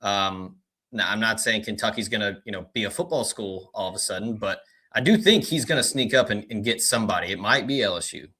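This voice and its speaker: A man guesting on a sports podcast as a recruiting analyst, talking in relaxed, filler-heavy casual chat. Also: lowish voice, a little fast, breathy edge.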